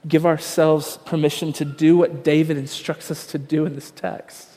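Pastor in a reverberant church hall. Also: male voice, on the high side, level tone, normal speed, mellow. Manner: conversational, self-deprecating storytelling with many fillers. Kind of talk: sermon.

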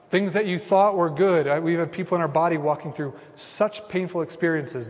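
Man pastor in his thirties, lively conversational sermon, fairly high voice, long hall reverb. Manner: animated, conversational preaching with acted asides.

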